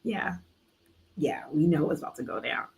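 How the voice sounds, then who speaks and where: A woman's voice: low voice, expressive, normal speed, gravelly, slight background noise. A woman hosting a live book club, retelling a story in a casual, slangy way with playful asides. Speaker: book club livestream host. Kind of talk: casual book recap chat.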